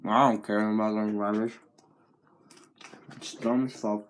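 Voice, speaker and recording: A teenage boy in a crude, profane comedic rant to camera, with a mocking deadpan drawl. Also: fairly low pitch, measured pace, pauses often, slight background noise. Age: teens. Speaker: vlogger.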